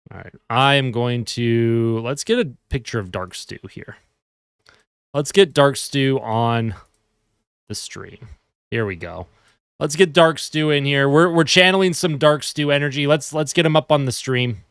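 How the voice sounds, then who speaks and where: A man's voice: medium pitch, expressive, unhurried, fairly bright tone, clean tone, dry recording, clean studio sound. A man hosting a casual live fan stream, chatting and answering viewer comments while sleepy and yawning at home. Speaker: livestream host.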